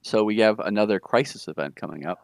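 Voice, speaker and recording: A man co-hosting a casual podcast, talking through new comic releases in a measured, thinking-aloud way. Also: lowish voice, vocal fry, slight background noise. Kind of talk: casual chat.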